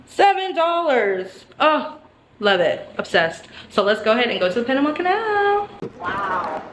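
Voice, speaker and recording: A woman's voice: a little high, big pitch swings, moderate pace, recorded from a distance, background noise. A woman vlogging her solo trip in casual chat, gushing and exclaiming as she goes. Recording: roomy sound from off-mic with faint ambience.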